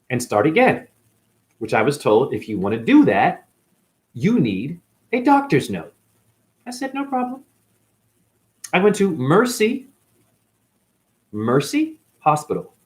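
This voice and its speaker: A man from New England as a spiritual teacher, rambling through a profane monologue that swings between mutters and outbursts. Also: medium pitch. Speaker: spiritual teacher, former dancer.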